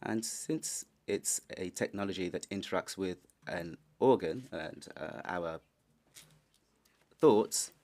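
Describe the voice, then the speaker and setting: A man interpreting a panelist's Spanish into English on the fly, halting with many fillers. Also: low-pitched, animated, a little mellow. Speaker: conference interpreter. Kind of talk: simultaneous interpretation.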